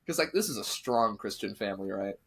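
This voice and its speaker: A podcast host with a fairly low, gravelly, husky voice tells a spooky story fairly quickly in casual conversation. He is animated and acts out what the people in his story said.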